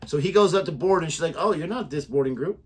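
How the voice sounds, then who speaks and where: A man's voice: fairly high pitch, fast, breathy edge. A man co-hosting a reaction video in casual chat, joking and rambling as he laughs often. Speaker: reaction channel co-host.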